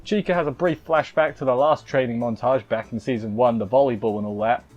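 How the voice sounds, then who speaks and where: A man's voice: mid-range voice, brisk, a little mellow, muffled recording. A man casually reviewing an anime episode, rambling and restarting with wry asides.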